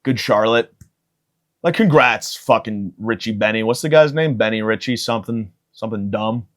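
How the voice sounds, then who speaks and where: A man's voice: fairly low pitch, moderate pace. Profane rambling podcast man. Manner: profane, self-mocking, riffing. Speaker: podcast host. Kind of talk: rambling comedic monologue.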